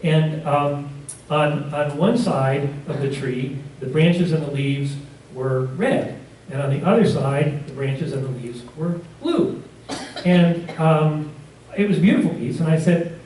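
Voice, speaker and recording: A man's voice: on the high side, a little slow, darkish tone, slight background noise. A man teaching a community class, telling stories in a casual, rambling way, often correcting himself mid-sentence. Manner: rambling, self-correcting storyteller with chuckles. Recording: roomy classroom from far off.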